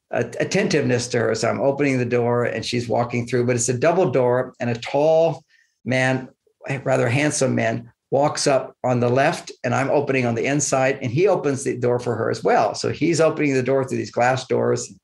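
Relationship stories come easily to this male interview guest, who acts out the dialogue and chuckles a lot as he talks. He has a medium-pitched, steady voice with vocal fry and a moderate pace.

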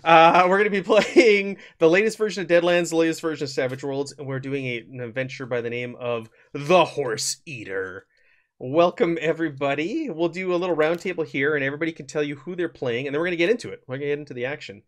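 Upbeat guy running a tabletop game, bit high voice, chatty and quick to restart a sentence. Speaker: game master. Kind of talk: hosting and narrating a tabletop game.

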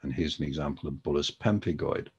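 Very deep-voiced man giving a webinar lecture. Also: quick pace, lo-fi sound, slight background noise. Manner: conversational, with frequent ums and restarts. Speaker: podiatry lecturer.

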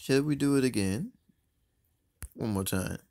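While playing a mobile game, a man offers casual, excitable commentary at a measured pace, cursing often and swinging from loud outbursts to low mutters. There's slight background noise.

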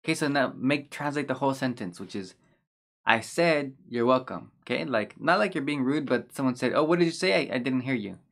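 A male teacher walks through new words in a steady, middle-pitched voice. He says each term slowly and patiently more than once. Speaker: language teacher. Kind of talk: explaining vocabulary over slides.

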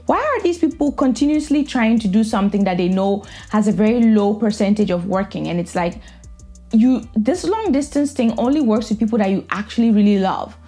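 A woman talking through her reactions in a casual vlog, blunt and sassy, quick to pass judgment. Her voice sits at an ordinary middle pitch, with faint music running underneath. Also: animated, warm tone. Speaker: reaction vlogger. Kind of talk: casual commentary.

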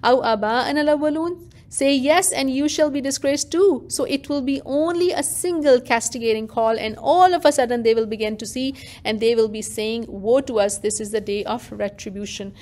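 A woman teaching a religious lesson to a class, animated and interactive, often questioning her listeners directly. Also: on the high side, normal speed. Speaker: Quran teacher.

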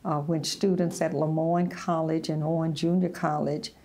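Low-voiced woman activist recalling her start. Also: flat delivery, mellow. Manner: reflective, with filler pauses. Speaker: activist interviewee. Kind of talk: interview recollection.

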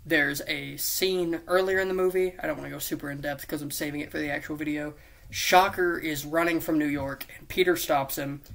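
A man rambling casually through a movie pitch, swearing freely and mocking himself as he goes. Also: vocal fry, a bit bright. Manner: profane, rambling, self-mocking, with silly put-on voices. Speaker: YouTuber pitching a movie idea.

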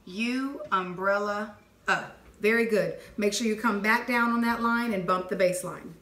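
A woman teacher leading a phonics dictation lesson, clearly sounding out letters and words and praising answers. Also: medium pitch, a little slow, fairly bright tone. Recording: echoey room with faint noise.

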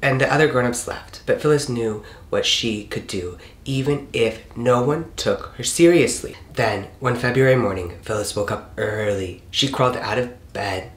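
A man's voice: medium pitch, moderate pace, few pauses. Brief: man reading a storybook aloud for kids, mid-range voice, echoey room with a faint hiss. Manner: reads in tandem, echoing a co-reader. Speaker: storybook reader. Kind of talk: reading a picture book aloud.

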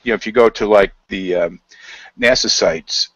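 A man telling a rambling story in a casual, halting way, full of fillers and quoted dialogue, over a video call. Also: fairly low pitch, fairly bright tone, husky, dry recording, muffled recording. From United States.

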